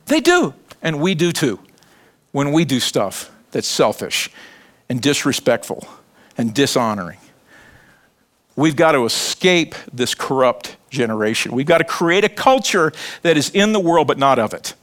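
A middle-aged man preaching a sermon in a conversational, animated way, joking and acting out little scenes. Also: a little high, unhurried. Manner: animated, conversational preaching with laughs and acted quotes. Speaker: pastor.

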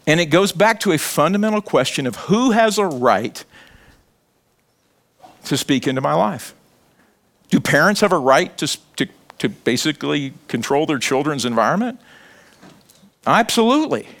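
Animated high-pitched male preacher. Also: moderate pace, pauses often. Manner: animated, conversational preaching with laughs and acted quotes. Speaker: pastor. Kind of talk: sermon.

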